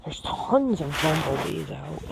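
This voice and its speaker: A woman's voice: deep voice, very animated, measured pace, gravelly. A woman vlogging on a nature trail, breathless and chatty, full of fillers and amazement, speaking outdoors into a handheld camera. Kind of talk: casual walking vlog. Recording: noisy outdoor handheld recording.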